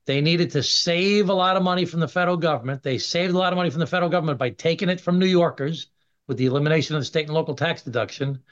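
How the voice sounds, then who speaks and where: A middle-aged man, a congressman guest on a radio interview, arguing in a forceful, emphatic way. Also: on the high side, very fast. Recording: dull lo-fi radio sound.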